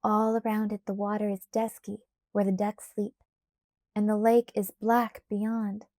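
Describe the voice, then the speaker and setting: A woman narrating a children's storybook aloud, in a measured, gentle way. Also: mid-range voice, flat delivery, dry recording, studio quality. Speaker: audiobook narrator.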